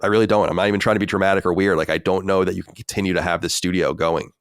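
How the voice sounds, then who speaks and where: A man's voice: sits low, fairly even intonation, very fast, clean tone, no echo, clean studio sound. A man co-hosting a video game podcast, chatting casually with many restarts and fillers. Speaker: podcast co-host. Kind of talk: casual chat.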